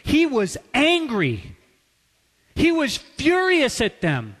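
A man preaching a sermon, swinging from loud, urgent passages to hushed, quiet asides. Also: very high voice, sing-song, slow, big-room sound. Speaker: pastor.

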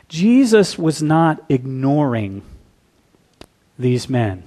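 A man's voice: on the high side, lively intonation, slow pace, long pauses, darkish tone. A man preaching a sermon as pastor, throwing rhetorical questions at the congregation.

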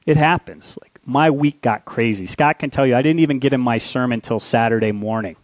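A male pastor with a medium-pitched voice preaches a sermon, reading scripture and telling a war story, moving between hushed, slow passages and loud, urgent ones. The recording is dry.

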